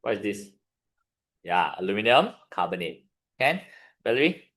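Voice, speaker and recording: Singaporean man teaching chemistry, lively pitch. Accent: Singaporean English. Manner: questions the class, pausing for answers. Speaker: chemistry tutor. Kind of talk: classroom revision lesson.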